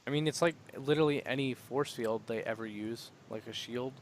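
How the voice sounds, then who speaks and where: A man's voice: medium pitch, fairly quick, a little hiss or hum. A young man co-hosting a podcast, rambling in casual chat and laughing often. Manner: rambling, laughs often, acts out silly droid voices. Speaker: podcast co-host.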